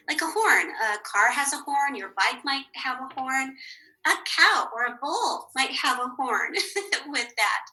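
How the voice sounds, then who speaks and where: A woman teaching a phonics lesson to young children, patient and encouraging, sounding out words slowly. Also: sits high, bright, forceful tone, low-quality recording.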